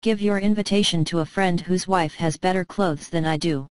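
A woman's voice: fairly low pitch, moderate pace, clear, resonant tone, dry recording, natural voice. A woman voicing a discontented young wife in a storybook reading, resentful and plaintive.

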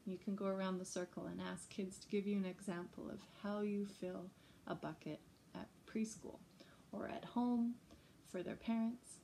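A woman music educator giving a gentle, chatty teaching talk to teachers and parents. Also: mid-range voice, fairly even intonation, normal speed, creaky, a little hiss or hum. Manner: gentle, chatty, breaks into short sung examples. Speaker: early childhood music educator.

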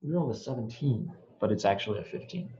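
A man's voice: mid-range voice, expressive, dark tone. Young male game master, casual and laughing easily, on dull video-call audio. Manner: casual, quick to laugh, improvising rules on the fly. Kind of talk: running a tabletop game over a video call.

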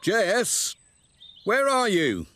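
A man voicing a cheerful, kindly village postman in a children's cartoon, talking gently and calling out when stuck. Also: high-pitched, wildly swooping pitch, extremely slow, slight background noise, heavily acted. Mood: coaxing.

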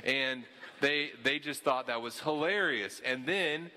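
A pastor with a slight Southern US accent delivers a sermon in a bright, forward voice. He speaks earnestly, doubling back on words and restarting phrases as he works through his point. His pitch sits in an ordinary middle range for a man. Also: a little slow. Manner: earnest, frequent word repeats and restarts.

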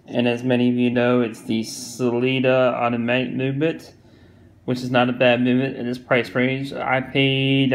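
A man with a Southern US accent talks through a watch review in a loose, rambling way, leaning on fillers and circling back on himself. His voice has a gravelly edge and stays fairly flat in pitch. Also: low-quality recording. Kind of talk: casual product review.

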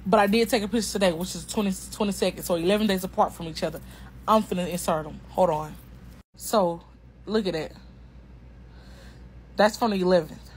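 A woman's voice: fairly low pitch, a little fast, pauses often, slight background noise, low-quality recording. A woman chatting emphatically to her viewers in a casual testimonial vlog, repeating herself and speaking in an informal, slangy way. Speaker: customer sharing a product testimonial.

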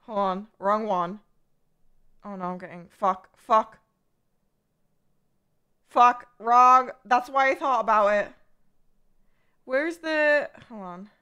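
With a bright, forceful, smooth voice on the high side, this young Irish streamer speaks slowly and pauses often. Her casual livestream chat is blunt and full of swearing, with rambling asides to viewers.

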